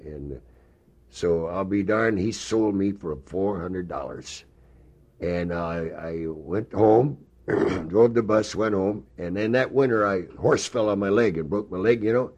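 A man's voice: low voice, measured pace, a little mellow. An older man telling rambling, folksy stories in an oral history interview. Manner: rambling storyteller, folksy, many fillers. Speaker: interviewee, former ballplayer.

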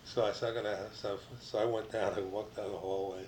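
An older man from New Jersey, a retired baseball pitcher, telling rambling stories as an interview guest, full of restarts and you-knows. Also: level tone, fairly quick, a little mellow, slight background noise, low-quality recording.

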